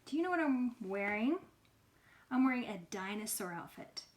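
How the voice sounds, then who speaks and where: Casting: upbeat preschool teacher, a woman, high and sing-song, coaxing the kids along. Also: expressive, moderate pace. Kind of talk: lesson for young children.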